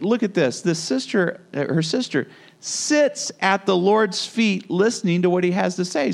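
Male pastor, lively conversational sermon, fairly high voice, acts out the scenes. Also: creaky.

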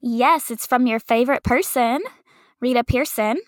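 A woman's voice: fairly high pitch, fairly even intonation, normal speed, no room sound, studio quality. A young woman, a kindergarten teacher, telling classroom stories in casual chat and acting out quotes in a sing-song voice. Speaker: kindergarten teacher and podcast co-host.

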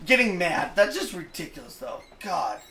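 A man co-hosting a sports podcast, arguing passionately with frequent swearing and bursts of shouting. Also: high-pitched, big pitch swings, moderate pace. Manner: passionate, profane, shouting rants. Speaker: podcast co-host. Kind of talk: heated sports podcast debate.

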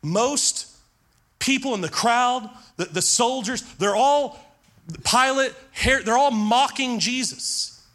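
A man's voice: very high-pitched, slow, fairly bright tone. A man preaching a sermon as pastor, earnest, repeating words as he drives points home.

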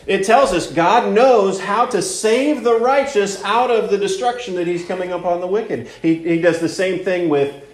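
A man preaching a sermon that teaches through a Bible passage, earnest, repeating words and leaning on fillers as he explains. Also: sits high. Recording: roomy echo.

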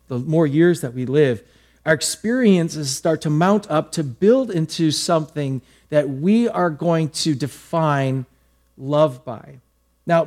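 A male pastor delivers a sermon in a slightly higher-than-usual voice. He tells stories in a lively way, acting out the quoted lines as he goes. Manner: storytelling, animated with acted asides.

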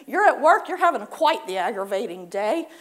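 A woman's voice: fairly high pitch, very animated, moderate pace. A woman preaching a sermon in a chatty way, acting out complaining churchgoers and laughing at her own asides.

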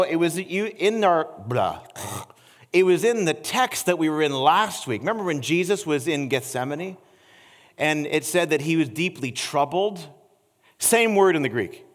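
A man preaching a sermon as pastor, animated and acting out the voices he quotes. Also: on the high side, big-room sound. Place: church sanctuary.

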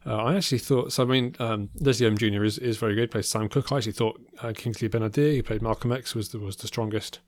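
Male podcast co-host, low dry voice, halting film chat. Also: steady tone, dry recording. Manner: hesitant, many ums and restarts. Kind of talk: casual film review chat.

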